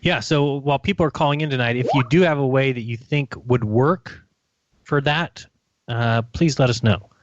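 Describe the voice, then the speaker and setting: A man co-hosting a call-in radio show, chatting in an easygoing way with quick asides. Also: medium pitch, no room sound. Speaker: radio co-host. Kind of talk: casual call-in radio chat. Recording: dull lo-fi sound.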